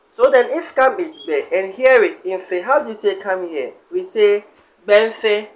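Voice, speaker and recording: A man teaching a language lesson, saying each word slowly and repeating it several times. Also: high-pitched, a little hiss or hum.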